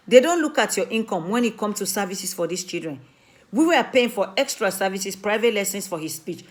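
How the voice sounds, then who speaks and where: Earnest pleading woman from Africa. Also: mid-range voice. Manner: pleading, emphatic, repeats key points. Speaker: community speaker and mother. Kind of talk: earnest public talk.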